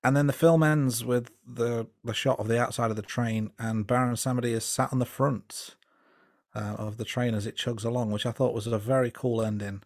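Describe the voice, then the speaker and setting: A man's voice: mid-range voice, normal speed, dry recording, clean studio sound. A man co-hosting a podcast, chatting casually and thoughtfully about a film with frequent hesitations. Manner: relaxed, thoughtful, hesitant with fillers. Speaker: podcast co-host. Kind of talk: casual film review chat.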